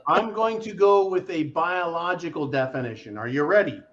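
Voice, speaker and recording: A man hosting a casual livestream chat, joking loudly and swearing freely. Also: fairly high pitch, normal speed, dull audio. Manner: profane, joking, boisterous. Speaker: host.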